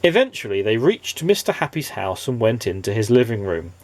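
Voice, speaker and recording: A man, a father, reading a children's storybook aloud in a gentle, expressive way. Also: lowish voice, fairly quick.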